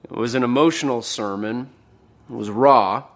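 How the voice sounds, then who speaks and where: A man preaching a sermon in an earnest voice, rising when he quotes an outburst and dropping to a hush on the heavy lines. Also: mid-range voice, normal speed.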